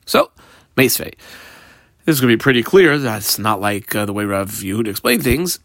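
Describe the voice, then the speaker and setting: Man, Talmud class teacher, lively swooping delivery, dry close sound. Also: on the low side, normal speed, dry recording. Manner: animated, mixes Hebrew-Aramaic terms into English explanation. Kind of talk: daily page Talmud class.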